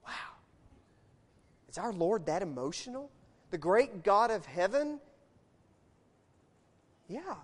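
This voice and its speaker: A middle-aged man preaching a sermon, animated, moving between loud emphasis and quiet asides. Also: high-pitched, slow pace, long pauses, slightly rough. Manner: animated preacher telling a story, shifting loud and soft. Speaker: pastor. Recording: long hall reverb.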